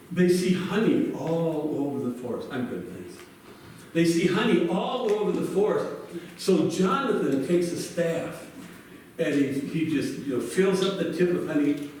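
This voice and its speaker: A male pastor retells a Bible story in a lively sermon, acting out each character's lines. His voice is slightly high and sits back from the mic, with heavy echo from a large church hall and a faint background hiss. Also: recorded from a distance.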